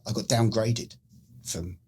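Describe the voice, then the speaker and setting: This former special forces medic, a middle-aged Brit from the United Kingdom, has a lowish, breathy voice and talks slowly. Telling a story in an informal interview, he brings it to life by acting out everyone's words.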